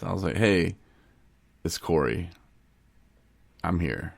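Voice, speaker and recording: A man's voice: low-pitched, slow pace, vocal fry, dry recording. A man from Michigan co-hosting a podcast, joking and teasing, acting out little scenes and laughing often. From Michigan, USA. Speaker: podcast co-host. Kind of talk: joking casual chat.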